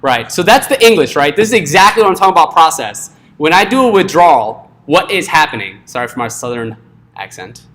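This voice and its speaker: A man's voice: a little high, sing-song, fairly quick, few pauses, a bit bright. Casual joking coding instructor, man. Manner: casual, joking, checks in with "right?" often. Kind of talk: live classroom coding lesson.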